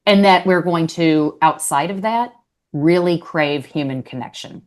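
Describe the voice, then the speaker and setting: Low-voiced woman, measured panelist. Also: a little mellow. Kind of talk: panel discussion. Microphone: webinar call.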